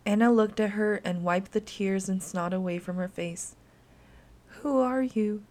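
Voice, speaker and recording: A woman narrating a dark story in an even, measured reading voice. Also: mid-range voice.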